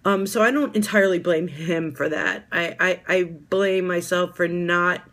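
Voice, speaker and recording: A woman in her fifties giving a heartfelt personal testimonial as a fitness coach, halting often with filler ums. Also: on the low side. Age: 50s.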